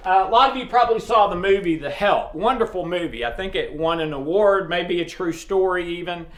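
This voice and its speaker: A man giving an informal sermon, earnest and emphatic, with frequent pauses and fillers. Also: high-pitched, a bit bright. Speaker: preacher. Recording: roomy echo.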